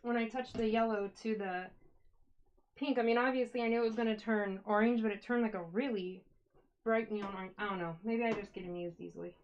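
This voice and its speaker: A woman's voice: fairly high pitch, steady tone, fairly quick, highs cut off, a little hiss or hum. A woman hosting a casual live stream as a yarn dyer, chatty and upbeat, talking to her viewers as she works.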